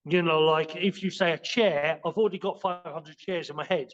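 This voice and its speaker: High-voiced man explaining, full of restarts. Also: steady tone, normal speed, muffled recording. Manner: rambling, with many restarts and fillers. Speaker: guest, martial arts and qigong teacher. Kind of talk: casual spoken explanation in a podcast interview.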